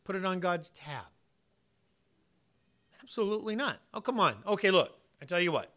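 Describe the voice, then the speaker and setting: Emphatic preacher, bright man's voice. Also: high-pitched, lively intonation, moderate pace. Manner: emphatic, swings from quiet asides to loud punchy points; uses vivid hypotheticals and plays out imagined dialogue. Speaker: pastor. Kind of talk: sermon.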